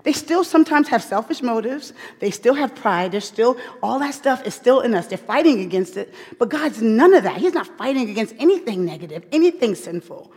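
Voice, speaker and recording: A woman's voice: on the high side, animated, a little fast, hardly any pauses, husky. Emphatic woman preaching in a reverberant hall. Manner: emphatic, repeats key phrases, swings from loud to hushed. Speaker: women's Bible teacher. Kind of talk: sermon.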